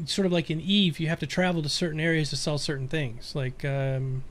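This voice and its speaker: An enthusiastic man hosts a relaxed gaming chat, his voice pitched fairly high for a man. He sounds playful and eager as he throws out ideas. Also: fairly quick. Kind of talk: casual chat.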